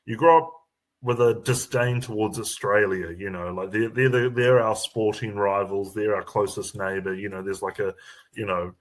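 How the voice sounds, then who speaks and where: Kiwi male comedy guest, lowish voice, rambling delivery with many ums and restarts. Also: moderate pace. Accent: New Zealand. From New Zealand. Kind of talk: casual chat.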